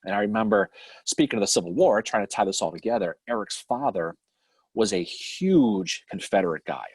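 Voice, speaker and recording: A man's voice: fairly low pitch, wildly swooping pitch, brisk, gravelly, husky, no room sound. Rambling middle-aged man with a Boston accent. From Boston area. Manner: rambling, swears freely, laughs often. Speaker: podcast co-host. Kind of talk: casual live-stream chat.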